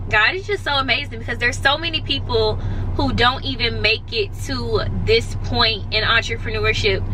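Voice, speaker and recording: A woman's voice: a little high, pushed and bright, a little hiss or hum, rough recording. A woman chatting to her viewers in a casual vlog, emotional and close to tears, calling them y'all. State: near tears. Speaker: vlogger.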